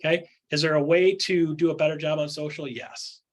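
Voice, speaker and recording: A man coaching on real estate in a candid chat, punching his points with quick rhetorical questions and acting out what other people say. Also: fairly high pitch, level tone. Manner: acts out quotes in other voices.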